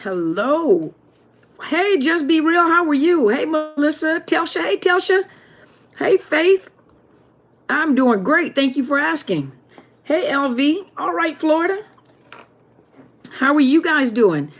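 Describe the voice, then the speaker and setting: Very animated but taking things slowly with frequent pauses, a fairly high-voiced woman welcomes each viewer to her casual live stream in a friendly, chatty way. She's at home using a webcam mic, with slight background noise.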